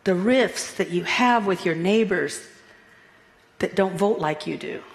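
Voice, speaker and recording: A woman minister giving a Sunday sermon in a playful, animated way, chuckling at her own asides. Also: on the low side, unhurried, vocal fry, husky, long reverb tail. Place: church sanctuary.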